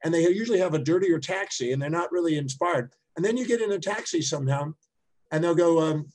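A man's voice: fairly high pitch, quick pace, darkish tone, rough recording. A middle-aged man giving an emphatic, conversational talk, telling anecdotes with frequent restarts. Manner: emphatic, repetitive restarts, storytelling. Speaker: speaker and teacher.

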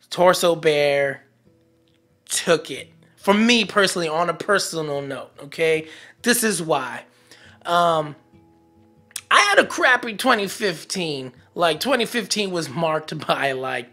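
A man reviewing comic books in a casual vlog, excitable and rambling, teasing his viewers with jokey asides. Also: on the high side.

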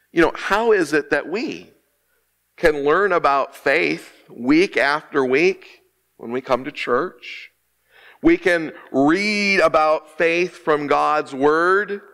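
A man preaching a sermon as associate minister in a church, slow and emphatic, with dramatic pauses and quiet hushed drops. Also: fairly high pitch. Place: church sanctuary.

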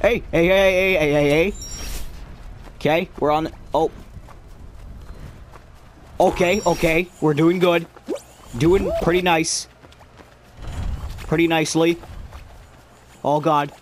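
Young male gaming YouTuber, slightly high voice, unhurried delivery, jokey and rambling, yells at the game. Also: fairly even intonation, slight background noise. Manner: joking, rambling, shouts at the game. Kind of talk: casual gameplay commentary.

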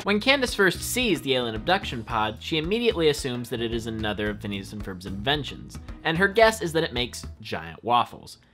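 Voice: medium pitch, very animated, fairly quick, hardly any pauses, a bit bright, faint music behind. A narrator reading a scripted fan video about cartoon references in an enthusiastic, upbeat explainer manner.

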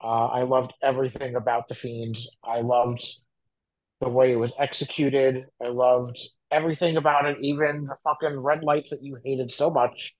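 A man's voice: medium pitch, little pitch movement, moderate pace, no room sound, low-quality recording. A man co-hosting a podcast, talking earnestly and rambling with frequent fillers. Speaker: podcast co-host. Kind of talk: casual podcast chat.

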